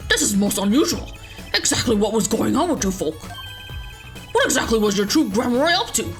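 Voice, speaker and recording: Lady doing a slow fussy old judge guy, kinda stern. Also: on the high side, sing-song, soft background music. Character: older male judge, fussy and bewildered.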